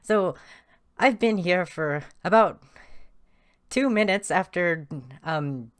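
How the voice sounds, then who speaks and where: A woman's voice: on the low side, expressive, takes it slowly, smooth. An Irish woman voicing a shy, courteous young male vampire newcomer in a tabletop game. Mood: polite. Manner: courteous, hesitant.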